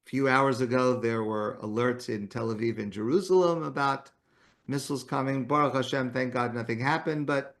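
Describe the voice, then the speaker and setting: A man's voice: mid-range voice, moderate pace, a bit bright. A man giving a morning talk as a rabbi, telling a story in a conversational way. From Canada.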